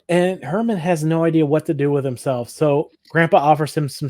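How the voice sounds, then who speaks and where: Recorded in clean studio sound with no echo, this Michigan man co-hosting a podcast talks briskly with few pauses in a fairly high, darkish voice. He casually recaps an episode, laughing a lot and performing the characters' lines.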